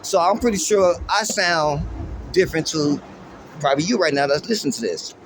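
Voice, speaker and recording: A man's voice: fairly high pitch, animated, moderate pace, slight background noise. A man from Los Angeles, hosting and musing in a laid-back, rambling way, with heavy slang, profanity and plenty of fillers. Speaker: podcast host. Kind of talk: casual street-slang musing.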